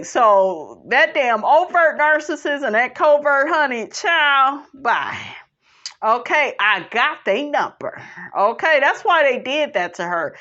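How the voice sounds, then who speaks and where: A sassy woman recaps a reality show episode in casual chat, laughing often. Her voice swoops up and down at an unhurried pace. The recording sounds dull and lo-fi. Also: high voice, fairly bright tone. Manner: sassy, chatty, laughs often, calls people honey.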